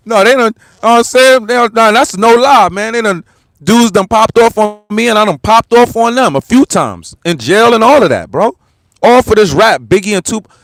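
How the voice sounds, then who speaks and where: Combative New York man, high voice. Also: dry recording. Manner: blunt, combative, repetitive street talk. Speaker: livestream host. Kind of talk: heated livestream rant.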